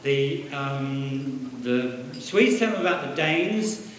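A man playing a fake male professor at a business conference, telling jokes deadpan and bantering with the audience. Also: medium pitch, slow, pitched below the performer's own voice. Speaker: conference speaker. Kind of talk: stand-up comedy as a hoax lecture. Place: large conference hall. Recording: echoey hall with long reverb.

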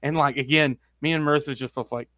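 A man co-hosting a podcast in casual chat, telling rambling anecdotes full of "like" and quick laughs. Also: a little high, steady tone, a bit bright, no echo. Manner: rambling anecdotes, heavy use of "like", laughs often. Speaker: podcast co-host.

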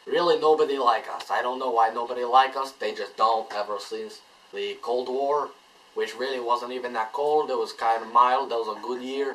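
A man voicing a Russian-accented immigrant in a flat, rambling, matter-of-fact way. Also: mid-range voice, distant mic, voice pushed down, natural voice, low-quality recording.

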